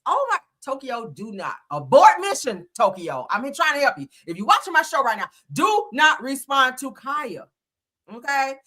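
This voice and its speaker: A woman hosting a casual gossip commentary show, sassy and laughing, reading people down with slang. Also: high-pitched. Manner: loud, sassy, laughing, drawn-out mock singing. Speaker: commentary channel host.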